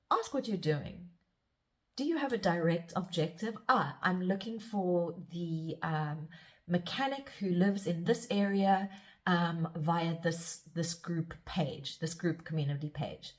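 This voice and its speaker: Reflective middle-aged woman rambling softly. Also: medium pitch. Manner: rambling and self-searching, with restarts. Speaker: spiritual guide and podcast host. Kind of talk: reflective spiritual monologue.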